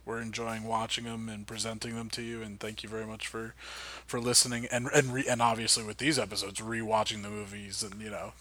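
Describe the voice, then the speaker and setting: A man's voice: fairly low pitch, little pitch movement, fairly quick, bright, forceful tone. A man co-hosting a podcast, rambling a little and repeating words as he thanks listeners. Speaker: podcast co-host. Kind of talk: casual podcast outro chat.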